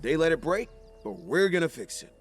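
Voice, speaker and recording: A man's voice: fairly high pitch, very animated, brisk, husky, soft background music, exaggerated voice. An actor playing an easygoing, practical male park technician in a video game.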